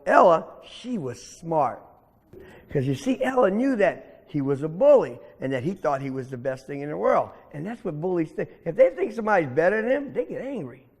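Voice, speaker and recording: A man telling a story live to children, animated and asking the audience questions. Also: fairly high pitch, normal speed, breathy edge. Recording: echoey hall reverb.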